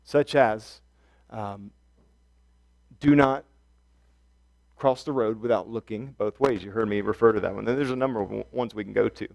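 A male pastor giving an earnest sermon, repeating key phrases and swinging from hushed, soft passages to loud emphatic ones. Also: fairly low pitch, moderate pace, creaky, pauses often.

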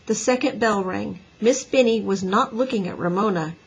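A woman teacher reading a children's book aloud with an expressive, lively voice. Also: medium pitch, moderate pace, gravelly, breathy edge, rough recording. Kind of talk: storybook read-aloud.

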